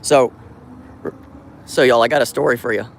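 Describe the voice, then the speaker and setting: A man vlogging outdoors on a city street about the cats he looks after, chatting casually to the camera and greeting the cats in a high sing-song voice. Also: fairly even intonation, normal speed, a little hiss or hum. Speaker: vlogger caring for a street cat colony. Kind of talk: casual vlog talk to camera.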